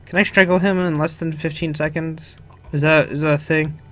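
A young man talks through his game in casual let's-play commentary. He swears freely, chuckles, and mutters to himself in a slightly high voice. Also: fairly even intonation, normal speed, fairly bright tone. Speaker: gaming video host.

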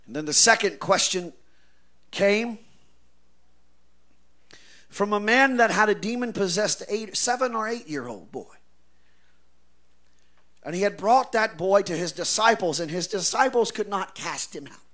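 Fiery high-voiced male preacher. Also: animated, unhurried, pauses often. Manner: fiery, swings from soft asides to shouting. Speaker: pastor. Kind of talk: revival sermon.

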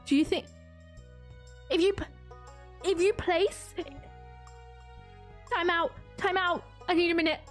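A woman streamer giving excitable, giggly live commentary while playing a game. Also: very high voice, takes it slowly, pauses often, soft background music.

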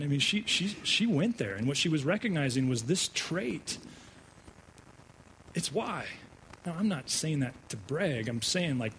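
A male pastor preaching a sermon, telling a personal story with animated delivery and frequent stammered restarts. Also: medium pitch, a little hiss or hum, rough recording. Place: church sanctuary.

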